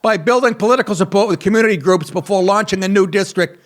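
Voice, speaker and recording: A man's voice: high voice, quick pace, slight background noise. A man in his sixties hosting a comedy talk show, crude and sarcastic, often laughing at his own jokes. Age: 60s. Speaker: comedian podcast host.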